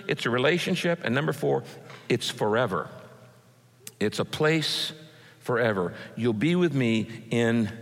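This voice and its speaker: A man's voice: fairly high pitch, a bit bright. A man preaching a sermon as pastor, emphatic and repeating his key phrases. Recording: echoey hall with long reverb.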